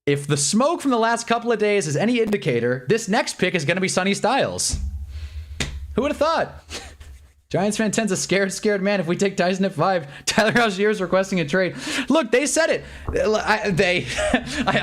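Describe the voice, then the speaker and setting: A man hosting a live reaction stream, talking in an excitable, rambling way and laughing often. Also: high voice, a little fast.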